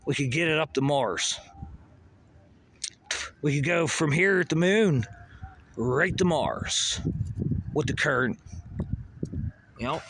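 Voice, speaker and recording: This vlogger's voice is on the high side and fairly bright. Standing outside by a busy road with traffic noise around him, he delivers a rambling, profane monologue full of pseudo-technical jargon.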